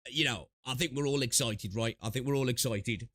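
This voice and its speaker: A young man talks loosely on a gaming livestream, rambling, circling back and filling gaps with ums and rights. His voice sits at an ordinary middle pitch. It comes through a close desk mic with noise suppression, dry and free of room sound. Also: fairly quick, fairly bright tone, no room sound. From United Kingdom. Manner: rambling, chatty, lots of fillers and asides. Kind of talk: casual livestream chat.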